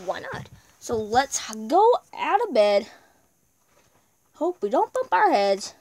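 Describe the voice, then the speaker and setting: A woman chats her way through her own gameplay in casual running commentary. Her voice sits a little high and is lively, with wide swings in pitch. She talks to herself and to the viewers as she plays. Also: takes it slowly, no echo. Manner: chatty, talks to herself while playing. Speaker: gameplay video maker.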